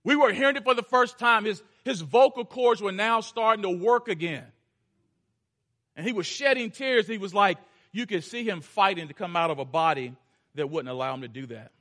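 High-voiced pastor preaching with swings in volume. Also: male voice, moderate pace. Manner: storytelling, swings from loud urgency to hushed intensity. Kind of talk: sermon.

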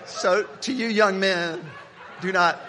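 A man in his fifties, a pastor preaching a sermon with humorous stories, swinging between loud punchlines and hushed reflection. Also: high-pitched, slow, crowd noise, background noise.

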